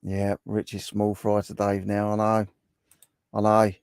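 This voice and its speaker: A man's voice: lowish voice, completely flat delivery, measured pace, darkish tone, clean tone, no room sound. A man hosting a casual livestream, reading viewer comments aloud and chatting with them in a bantering, repetitive way. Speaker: livestream host.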